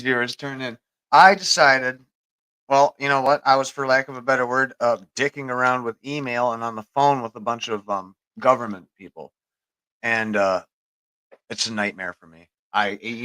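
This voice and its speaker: A man's voice: mid-range voice, sharp tone, no echo, low-quality recording. A man hosting a podcast, telling a long, profane story in a rambling, casual way. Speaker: podcast host.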